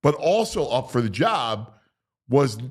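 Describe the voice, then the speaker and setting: A man's voice: medium pitch, big pitch swings, unhurried. A man hosting a casual sports talk show, chatting loosely and laughing often. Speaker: radio show host.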